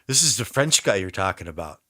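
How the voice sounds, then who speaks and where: A man's voice: deep voice, sing-song, a little fast, pushed and bright, dry recording, clean studio sound. An American man chatting casually on a live stream, rambling through stories with lots of restarts. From United States. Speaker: musician streaming a recording session.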